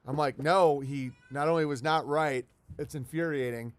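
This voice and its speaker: A man's voice: a little high, fairly even intonation, normal speed, no echo. Rambling, profane man on a livestream. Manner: rambling, profane, reads viewer letters aloud. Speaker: livestream host. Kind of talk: casual livestream chat. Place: at home in the countryside.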